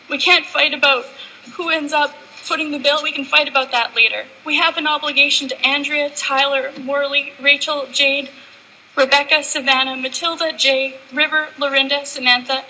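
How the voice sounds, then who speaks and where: A woman's voice: high-pitched, pushed and bright, slight background noise, low-quality recording. A woman legislator giving an earnest, impassioned formal speech in a legislative chamber. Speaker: provincial legislator.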